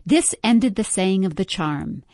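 A woman narrating a storybook in a calm, even manner. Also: medium pitch, unhurried, dry recording.

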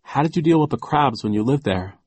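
A man's voice: medium pitch, expressive, brisk, a little mellow, breathy edge, no room sound, pitched above the performer's own voice. A man voicing an eager young girl who loves inventing, in a storybook reading.

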